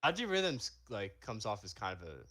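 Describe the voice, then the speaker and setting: A man's voice: fairly low pitch, sing-song, normal speed, sharp tone. A man co-hosting a podcast, talking through a movie in an easygoing, agreeable way. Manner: easygoing, laughs along, agreeable. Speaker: podcast co-host. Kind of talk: casual movie review chat.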